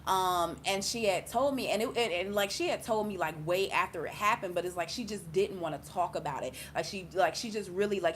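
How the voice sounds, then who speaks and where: A young woman talks straight to her viewers as an intuitive reader, loose and chatty, full of fillers and restarts. She gets animated and bursts into laughs as she goes. Her voice sits mid-range, with faint background noise. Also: medium pitch. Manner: rambling, filler-heavy, chatty; animated, laughs and exclaims often. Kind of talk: casual storytelling to viewers.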